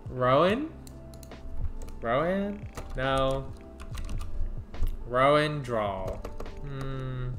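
A woman streaming a game, thinking out loud in a casual, musing way, trying out names and giggling between thoughts. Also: extremely low pitch, lively intonation, faint music behind. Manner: muses aloud, trying out names, quick to giggle. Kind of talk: casual gameplay commentary.

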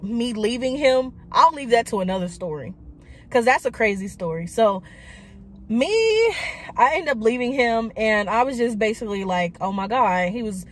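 Chatty woman telling a storytime. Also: on the high side. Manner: chatty, many likes and quoted asides. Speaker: vlogger. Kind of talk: casual storytime.

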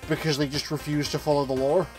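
A man's voice: on the high side, little pitch movement, fast talker, soft background music, poor audio. A man ranting and swearing in a casual chat while playing a video game on stream. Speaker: let's play commentator. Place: home streaming setup. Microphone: streaming microphone.

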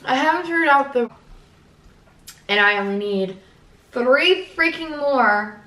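A woman's voice: high voice, animated, unhurried, sharp tone, echoey room, distant mic. A young woman talking casually to the camera in a vlog, rambling and swearing as she chats about her day. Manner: rambling, swears casually, fillers and self-talk. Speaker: vlogger.

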